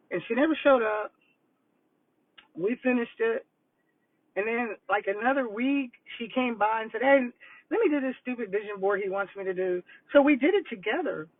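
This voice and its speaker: An older woman coaching on vision boards, telling stories in a casual, animated, rambling way. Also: a little high. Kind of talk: casual livestream talk. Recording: tinny phone-like line, dry.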